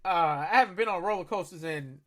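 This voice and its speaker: A man in his thirties telling a story in casual podcast chat, acting out his own reactions with loud shouts. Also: sits high, animated, fast talker. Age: 30s. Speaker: podcast co-host.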